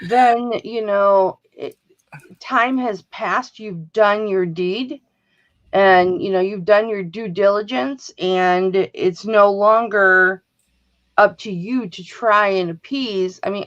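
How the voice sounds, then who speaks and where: A middle-aged woman chatting casually on a livestream, telling stories in an animated way and acting out the people in them. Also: mid-range voice, takes it slowly. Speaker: guest on a livestream. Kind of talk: casual chat, storytelling. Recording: dull lo-fi stream audio.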